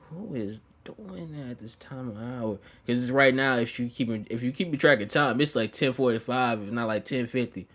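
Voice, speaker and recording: A man's voice: medium pitch, fairly bright tone. A young man casually telling a story, slangy and profane, rambling along.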